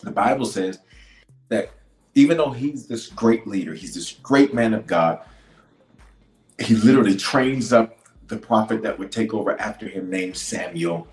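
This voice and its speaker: A man preaching a sermon as a bishop, swinging from loud declarations to hushed lines and repeating phrases for emphasis. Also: on the low side, animated, normal speed, reverberant, low-quality recording.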